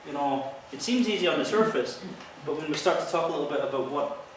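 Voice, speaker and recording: A man's voice: a little high, animated, fast talker, a little hiss or hum. A man who is a police officer giving a training talk to an audience, earnest and explanatory, walking listeners through stories from his calls. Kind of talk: presentation to an audience. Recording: echoey hall, mic from far off.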